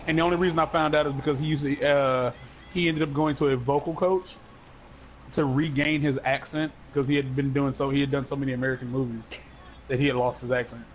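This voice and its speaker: A man's voice: medium pitch, fairly even intonation, quick pace, slight background noise, rough recording. A man co-hosting a casual chat, rambling and joking with many fillers. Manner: rambling, filler-heavy, jokey. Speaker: podcast co-host.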